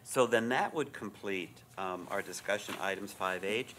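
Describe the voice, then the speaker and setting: A man chairing a city preservation board meeting, speaking haltingly with many fillers and restarts into a desk microphone in a city hall chamber. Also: fairly low pitch, a bit bright, a little hiss or hum. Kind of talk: public meeting remarks.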